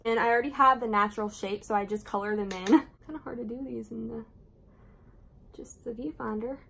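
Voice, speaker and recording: Doing her makeup indoors at home, this young woman from Southern Indiana talks in a chatty, meandering way, full of laughter and side comments. She's a beauty vlogger with a Southern US accent, and her fairly high voice is brisk, creaky and a little bright over slight background noise.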